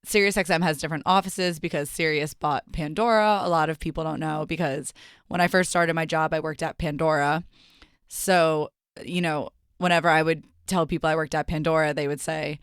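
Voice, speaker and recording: Chatty young woman podcast host, smooth voice. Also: low-pitched, fairly even intonation, normal speed, dry recording, studio quality. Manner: chatty, profane, storytelling with asides. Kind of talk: casual solo podcast monologue. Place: radio studio.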